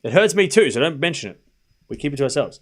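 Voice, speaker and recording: Lively Australian man calling tennis. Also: mid-range voice, fast. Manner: banters with chat between calling points. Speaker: streamer and match commentator. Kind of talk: live watchalong commentary, chatting with viewers.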